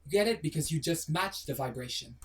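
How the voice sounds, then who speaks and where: A blunt, sassy host talking straight to camera in a motivational monologue, firing off rhetorical questions and tossing in a casual swear. The voice sits at a middling pitch. It sounds like it was recorded a little back from the mic. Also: lively intonation, fairly quick, recorded from a distance, slight background noise. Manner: swears casually, apologizes jokingly. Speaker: manifestation video host.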